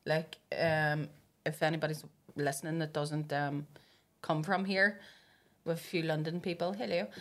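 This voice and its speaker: A Northern Irish woman in her thirties hosts a casual podcast chat. Her voice is bright and forward, and she tells her stories with lively energy, often breaking into laughter. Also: deep voice, moderate pace. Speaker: podcast host.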